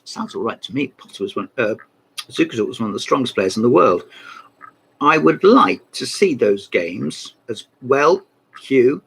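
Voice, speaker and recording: A man's voice: medium pitch, big pitch swings, moderate pace, vocal fry, fairly bright tone, breathy edge. A man in a rambling comic monologue about old books, breaking off into mock phone calls and asides. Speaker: comedy book reviewer.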